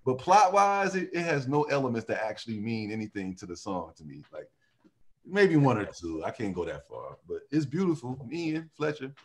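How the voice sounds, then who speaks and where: A man who sings in a vocal group, telling animated stories in a casual interview and often laughing. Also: mid-range voice, normal speed. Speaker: singer in a vocal group, guest.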